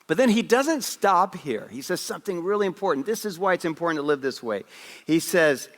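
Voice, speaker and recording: A male pastor preaching a Christmas Eve sermon, telling stories with energy, repeating words as he goes and acting out the quotes. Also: on the high side. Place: large church sanctuary. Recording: long hall reverb in a worship house.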